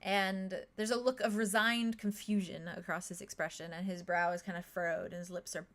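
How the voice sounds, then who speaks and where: A woman's voice: mid-range voice, flat delivery, moderate pace, a bit bright. A woman narrating a tabletop role-playing game as game master, in a casual, rambling way full of fillers and small chuckles. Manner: casual, many fillers, chuckles between lines.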